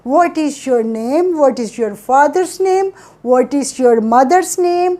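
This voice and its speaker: A woman's voice: sits high, lively intonation, slow pace, dark tone. A woman teaching a spoken lesson, drilling simple questions over and over. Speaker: English teacher.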